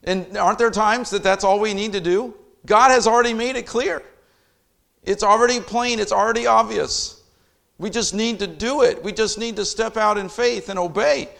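A man preaching a sermon, reading scripture aloud and rising to loud, impassioned emphasis. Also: sits high, moderate pace, gravelly. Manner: reads scripture in King James wording.

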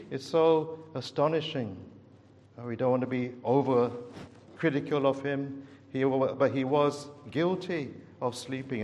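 An earnest male preacher delivers a sermon in a fairly high voice. He tells the story with dramatic rises and falls, and his words ring out with a long reverb from the church hall.

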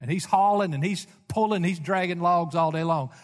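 An older man preaching a sermon as pastor, telling folksy stories and swinging from loud emphasis to hushed asides. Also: sits high, moderate pace. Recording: echoey church hall.

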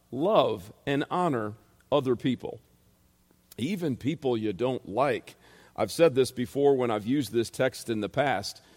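A man's voice: medium pitch, darkish tone. Emphatic preaching man in a reverberant hall. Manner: emphatic, repeats phrases and asks rhetorical questions. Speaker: pastor and Bible teacher. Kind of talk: sermon.

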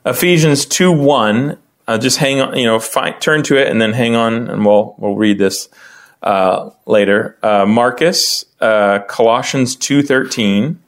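A man runs a casual Bible study with easy conversational talk, calling on members of the group by name to read. His voice keeps lifting higher as he warms to an explanation. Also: unhurried. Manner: lively, often rising in pitch when explaining. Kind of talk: casual classroom teaching.

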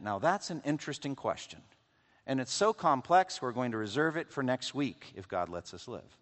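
A man preaching a sermon as pastor, reading scripture aloud with conversational, wry asides to the congregation. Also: fairly high pitch. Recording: long reverb of a large hall.

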